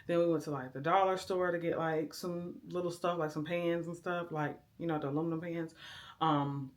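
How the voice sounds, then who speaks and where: A young woman vlogs from home indoors, chatting in a laid-back way straight to her viewers through a handheld camera. Her voice is deep, with fairly even intonation and a moderate pace.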